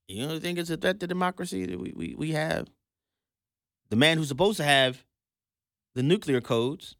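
A man's voice: a little high, moderate pace, a bit bright, no echo, clean studio sound. A man hosting a sarcastic political commentary monologue, mocking, laughing often and repeating words for emphasis.

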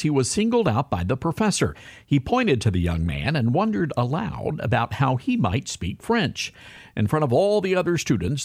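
A man's voice: medium pitch, breathy edge, dry recording. Man doing radio commentary, wry storyteller, dry sound. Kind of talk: news commentary and read ad.

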